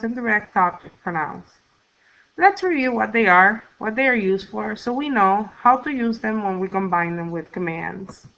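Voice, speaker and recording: Bright-voiced woman teaching a lesson. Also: on the high side. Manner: slow, clear teacher's explanation, sounding out syllables. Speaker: Spanish teacher. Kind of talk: recorded classroom lesson. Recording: dull lo-fi recording.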